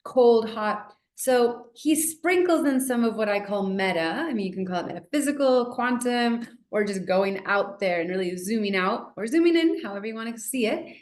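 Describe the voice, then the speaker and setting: A woman's voice: a little high, animated, moderate pace, hardly any pauses, darkish tone, roomy sound. A young woman hosting a casual book discussion, chatty and full of "like," reading passages aloud now and then. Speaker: book club host.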